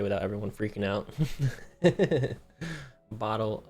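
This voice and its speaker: A man's voice: lowish voice, expressive, normal speed, darkish tone, soft background music. A man streaming a video game, chatting casually and playfully with a friend on a call, laughing often. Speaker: gaming streamer. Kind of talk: casual chat while playing a game.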